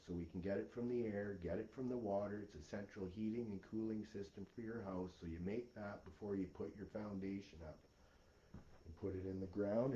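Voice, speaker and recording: A man's voice: lowish voice, mellow, highs cut off. A man delivering a rambling, intense monologue as the host of his own video series.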